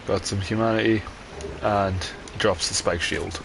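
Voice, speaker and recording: A man talks his way through a video game in casual, rambling commentary, dropping ums and mild swearing as he goes. His voice sits fairly low. A steady noise runs under the recording. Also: moderate pace, vocal fry. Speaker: gamer.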